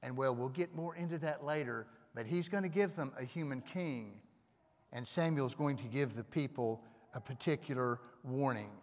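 A man's voice: mid-range voice, moderate pace. A man preaching a sermon on a stage microphone, talking conversationally and asking the audience questions. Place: church hall. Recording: long reverb of a hall.

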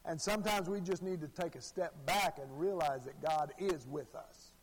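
A man's voice: a little high, normal speed, breathy edge. A man from Arkansas, preaching a sermon in a folksy storytelling way and repeating his phrases. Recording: long hall reverb.

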